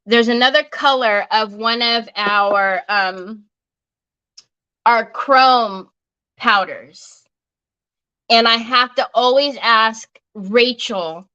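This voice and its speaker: A woman's voice: on the high side, extremely slow, sharp tone, smooth, dull audio. A woman hosting a crafting livestream, chatting casually and joking at her own expense while she works. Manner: chatty and self-mocking, often laughing.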